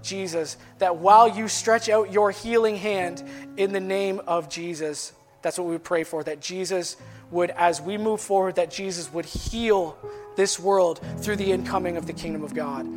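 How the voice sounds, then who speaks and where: A man preaching a sermon in a high-pitched voice. He builds to emphatic passages, and his words ring out with a long reverb in a church hall. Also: steady tone, moderate pace, music in the background. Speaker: pastor.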